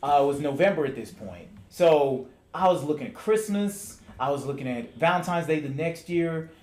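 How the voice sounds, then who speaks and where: A man in his thirties telling a personal story in a casual chat, animated and laughing, with stammering restarts. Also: a little high, moderate pace. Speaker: married guest. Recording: echoey room.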